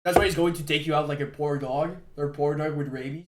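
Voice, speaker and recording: A young man from Quebec with a Québécois French accent, chatting on a live stream, excitable and stammering, laughing often. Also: a little high, quick pace. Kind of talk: casual live-stream chat. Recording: echoey room with faint music.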